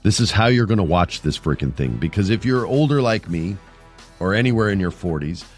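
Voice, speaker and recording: A man's voice: sits low, expressive, brisk, faint music behind. A man in his forties hosting a podcast, telling a story casually and with animation, with jokes and crude asides. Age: 40s. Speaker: podcast host.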